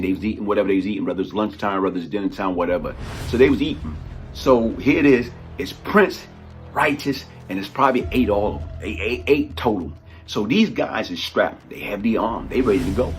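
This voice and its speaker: A man telling a street story casually, rambling and animated, with plenty of fillers. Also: mid-range voice.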